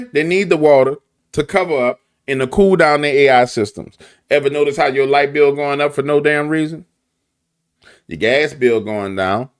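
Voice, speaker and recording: New Orleans man, animated slangy commentary, repeats himself, preachy. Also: mid-range voice. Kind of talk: conspiracy commentary.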